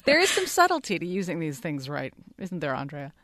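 A woman hosting a radio call-in show, brisk and friendly as she moves through callers. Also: low-pitched, wildly swooping pitch, fairly bright tone, no room sound, clean studio sound. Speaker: radio host.

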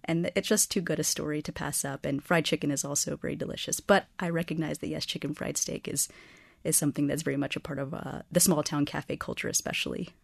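A woman's voice: deep voice, fairly even intonation, fast, creaky, husky, no echo, studio quality. A woman author answering callers on a radio call-in show, thoughtful and hesitant, with many fillers. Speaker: guest author.

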